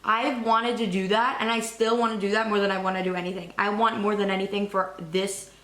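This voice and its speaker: Young woman rambling excitedly about stuff, swears a bit, kinda echoey room. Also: medium pitch, a little fast. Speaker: vlogger. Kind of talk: casual chat.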